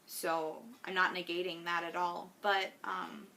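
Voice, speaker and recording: A woman's voice: lowish voice, little pitch movement, measured pace, bright, forceful tone. A woman talking in a personal video diary, earnest and heartfelt, rambling with lots of fillers. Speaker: vlogger.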